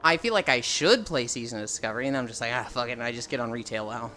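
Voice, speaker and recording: Young streamer rambling to chat on a desk mic, swears a lot, faint music behind, mid pitch. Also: quick pace. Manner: relaxed, rambling, swears freely, answers chat. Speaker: livestreamer chatting with viewers. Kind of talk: casual live-stream chat.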